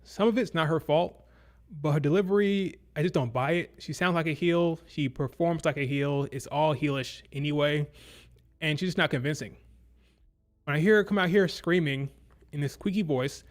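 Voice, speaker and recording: A man giving casual, opinionated commentary on wrestling, blunt and exasperated. His voice sits slightly high, and he stumbles over and repeats his words as he talks. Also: moderate pace. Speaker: wrestling show reviewer.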